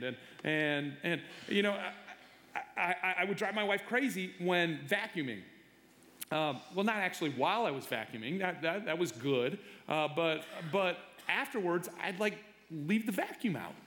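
Middle-aged male pastor, sermon, halting delivery with repeats, slightly high voice, roomy hall. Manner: halting, repeats words, animated when telling stories. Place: church sanctuary. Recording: echoey hall reverb. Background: long hall reverb.

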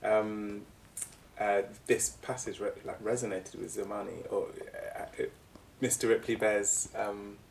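A man's voice: fairly low pitch, little pitch movement, unhurried, gravelly, slight background noise, rough recording. A man hosting a book interview, linking segments and asking hesitant questions with fillers. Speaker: interviewer host.

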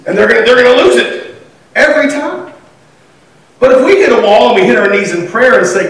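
A man preaching a sermon in a conversational, animated way, acting out the voices he quotes. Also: high voice, fast. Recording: echoey room from far off.

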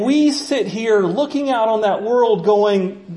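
A man's voice: sits high, slow pace, hardly any pauses, mellow. A man preaching a sermon in a church, impassioned and dramatic, acting out the voices he quotes. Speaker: pastor.

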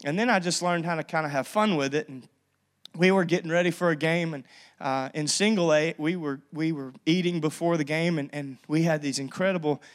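A man's voice: on the high side, brisk. A young man, a pastor, preaching a sermon and telling a personal story with lots of energy, often restarting his sentences.

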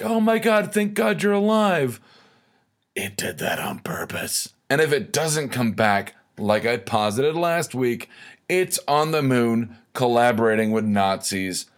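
A man hosting a comedic rant monologue, sarcastic, profane and rambling. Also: lowish voice. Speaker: host of a weekly rant segment.

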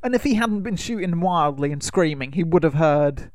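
A man on a podcast, talking through a film plot in a loose, rambling way. His voice sits fairly high for a man. The sound is close and dry, with no room around it. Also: animated, normal speed, a little mellow, no room sound. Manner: rambling retelling with fillers and laughs. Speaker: podcast co-host. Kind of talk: casual film recap chat.

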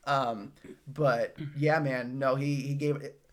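A man's voice: mid-range voice, steady tone, slow pace, slight background noise. A man chatting casually with a friend, laughing often and trailing off into fillers and restarts. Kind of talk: casual chat about anime.

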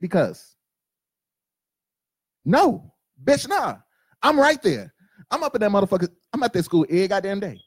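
A man's voice: high-pitched, very animated, normal speed, pauses often, breathy edge, no echo. A young adult man in heated casual podcast chat, cursing emphatically and talking over the others. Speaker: podcast co-host.

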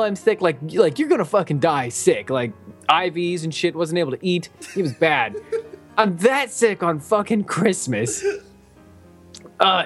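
A man's voice: sits high, fairly bright tone. A young man on a casual podcast, rambling through a profane story and laughing often. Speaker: podcast co-host. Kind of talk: casual chat.

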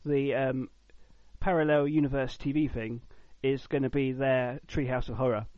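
A man in casual podcast chat, speaking in a wry, measured way and choosing his words with care. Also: medium pitch, little pitch movement, dry recording. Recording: dull lo-fi dry sound.

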